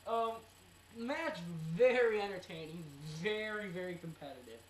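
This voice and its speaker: Giggly co-host with a lively voice. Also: mid-range voice, far from the mic. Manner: playful and giggly, quick to tease. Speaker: co-host of a wrestling recap show. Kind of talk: casual recap chat. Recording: roomy amateur recording with faint noise.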